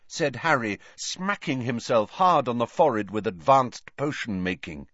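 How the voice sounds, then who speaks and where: An audiobook narrator reading a children's fantasy novel in a lively, expressive way. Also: medium pitch, a little slow, few pauses, dry recording. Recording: dry, dull lo-fi recording.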